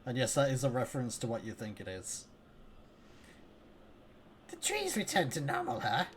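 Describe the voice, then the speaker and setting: A woman's voice: rumbling low, wildly swooping pitch, moderate pace, slight background noise. A woman casually commenting on a game as she plays, chatty and jokey and reacting aloud to what happens on screen. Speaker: let's play gamer.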